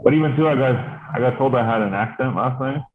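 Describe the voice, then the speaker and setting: A man's voice: mid-range voice, quick pace. Rambling Canadian podcast man, tinny. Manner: rambling, swearing, lots of fillers. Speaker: podcast host. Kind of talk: casual chat. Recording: tinny phone-like sound.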